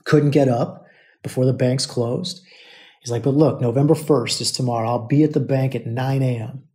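A male podcast host tells a personal story in a loose, conversational monologue. His voice is mellow and dark, at an ordinary pitch for a man. He circles back with repeated phrases and speaks to his listeners as brothers. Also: fairly even intonation, normal speed.

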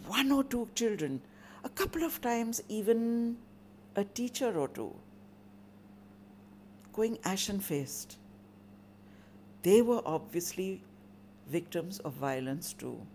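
A woman telling a story dramatically and with measured delivery. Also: mid-range voice, a little mellow, a little hiss or hum. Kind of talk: oral storytelling performance.

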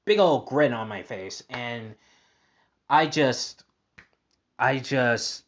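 Talking very slowly in a medium-pitched voice, a podcast host rambles through a casual, upbeat monologue packed with fillers and restarts. The highs are cut off in the recording.

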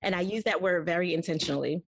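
A woman in her forties telling a personal story as a guest, candid and animated, laughing often as she talks. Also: lowish voice, fast, no room sound.

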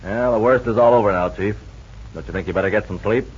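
An actor playing an eager male police captain in a 1940s radio drama, speaking briskly and respectfully. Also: on the low side, husky. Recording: dull lo-fi old radio recording.

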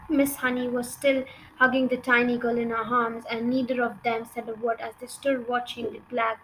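A woman reading a children's book aloud in an expressive, lively way, with occasional small slips. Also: a little high, slight background noise, low-quality recording. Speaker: audiobook reader.

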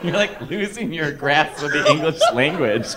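A man's voice: on the high side, animated, moderate pace, a loud crowd, heavy background noise. A man co-hosting a podcast, reading an interview aloud in casual chat and breaking into giggles as he goes. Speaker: podcast co-host.

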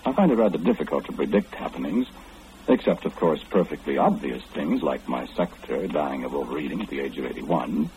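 Low-voiced all-knowing clairvoyant, wry and unhurried, lively pitch, mellow tone, old radio drama. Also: male voice, a little hiss or hum, poor audio. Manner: knowing, unhurried, gently mocking. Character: calm wry clairvoyant man who knows everything. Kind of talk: 1940s radio acting.

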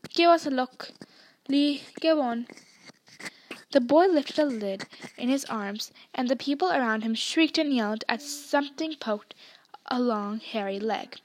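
A woman reads a novel aloud with expressive storytelling. Her voice sits high. The reading is even and engaging. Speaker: audiobook reader.

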